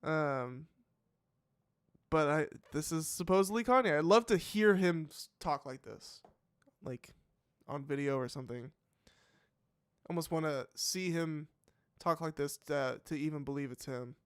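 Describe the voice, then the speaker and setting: A man's voice: a little high, a little slow, pauses often, clear, resonant tone, no room sound, clean studio sound. A man hosting a live reaction show, thinking aloud in casual commentary with many fillers and restarts. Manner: musing, hesitant, full of fillers and restarts.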